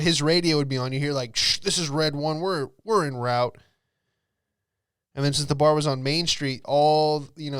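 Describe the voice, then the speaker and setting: A young man hosting a comedy podcast, telling rambling jokey stories and slipping into quick impressions of people. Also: mid-range voice, a bit bright, clean tone, no room sound, clean studio sound. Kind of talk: comedic storytelling monologue.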